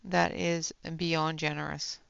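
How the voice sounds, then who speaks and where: A woman hosts a coloring livestream and chats slowly and easily with her viewers, with lots of fillers and laughter. Her voice is bright and clear with a gravelly edge. The sound is dry and a little dull. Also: sits low, little pitch movement, no echo. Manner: chatty, reads and answers chat, laughs often, many fillers. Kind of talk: casual livestream chat while coloring.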